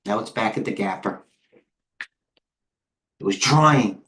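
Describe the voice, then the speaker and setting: Excitable middle-aged man commenting on charts. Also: lowish voice. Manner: fast, excitable, talks to chat viewers while scanning charts. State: out of breath. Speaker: host and head trader. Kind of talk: live trading stream commentary.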